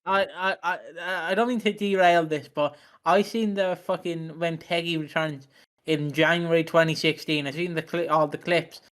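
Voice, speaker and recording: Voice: mid-range voice, steady tone, normal speed, a bit bright. A podcast co-host in casual chat, hesitant, with many ums and restarts.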